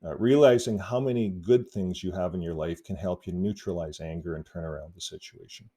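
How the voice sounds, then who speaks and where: A man talking casually to camera in a relaxed, rambling vlog, often chuckling between points. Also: sits low, brisk, husky. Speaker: YouTube activist vlogger.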